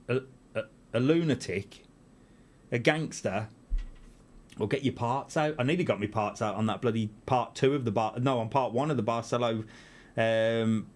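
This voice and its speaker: A middle-aged man hosting a casual live stream from a gear-filled room at home, chatty and self-mocking, his pitch bouncing up and down as he rambles. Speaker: YouTube channel host.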